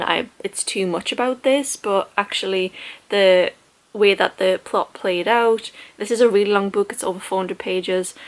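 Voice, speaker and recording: A woman, chatting casually about books she has read, self-deprecating and laughing often. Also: medium pitch. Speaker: book vlogger. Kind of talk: casual book review chat.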